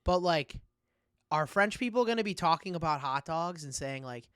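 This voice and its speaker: Male podcast co-host, joking, laughs easily, animated pitch, dry close mic. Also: fairly quick, no echo. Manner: laughs often, lively and joking. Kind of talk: casual sports podcast banter.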